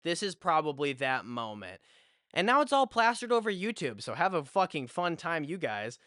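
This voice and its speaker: A man's voice: on the high side, big pitch swings, normal speed, a bit bright, no room sound, clean studio sound. A young man telling a story to his vlog audience in a casual, rambling way, swearing freely. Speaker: vlogger. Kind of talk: story time.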